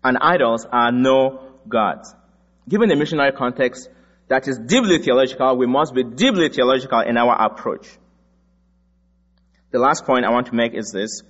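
A man's voice: mid-range voice, moderate pace, fairly bright tone. A man from Africa preaching a sermon, telling stories and stressing his points with emphasis. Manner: storytelling, emphatic. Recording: dull recording in a large echoing hall.

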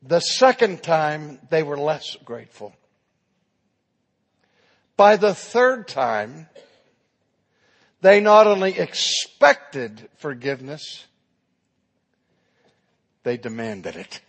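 A man's voice: a little high, sing-song, extremely slow, long pauses. A man preaching a sermon, telling a story in a dramatic, emphatic way. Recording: long hall reverb.

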